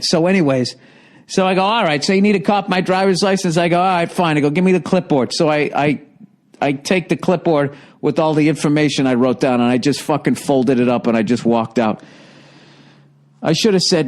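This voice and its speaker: A man's voice: a little high, fairly quick, a little mellow. Profane, exasperated man telling a rant. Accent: Boston. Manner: profane, exasperated, mimics others in quoted dialogue. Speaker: comedian podcast host. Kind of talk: comedic rant, storytelling.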